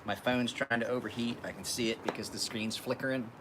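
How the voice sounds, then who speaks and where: A man keeps a steady tone and fairly quick pace as he sharpens knives on a livestream, telling casual, rambling stories laced with profanity. He acts out others in high-pitched voices, with faint noise behind him.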